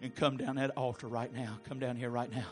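A man preaching an altar call, pleading and swinging from low murmurs to shouted appeals. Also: flat delivery, a little fast, soft background music. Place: church sanctuary.

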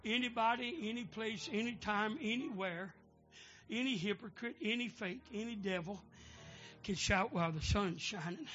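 A male preacher delivering a sermon, calling out to the congregation for amens and building up to shouting. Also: high-pitched, normal speed, faint music behind. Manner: call-and-response, building to shouting. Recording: dull lo-fi sound.

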